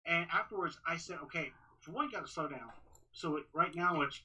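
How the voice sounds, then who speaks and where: A Texas man who works as a ring announcer chats casually in a podcast interview, his voice fairly high and husky on a low-quality recording. He talks fast and excitedly, often restarting and repeating words.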